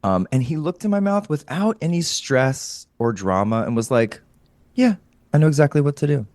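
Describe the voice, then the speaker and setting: A man in casual chat, an animated storyteller who swears and laughs often. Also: a little high, normal speed, no room sound. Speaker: podcast guest, comedian.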